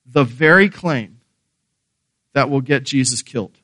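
A man's voice: medium pitch, a little slow, sharp tone, breathy edge, no echo. A man preaching a sermon, earnest and emphatic, asking rhetorical questions and repeating key phrases. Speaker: pastor.

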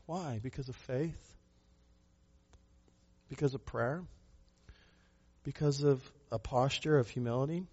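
A man preaches a sermon in a husky voice of middle pitch. He asks rhetorical questions and presses his points hard, then drops quieter. The recording sounds muffled and dull. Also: slow pace, long pauses. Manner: emphatic, rhetorical questions, shifting between loud and soft. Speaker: pastor.

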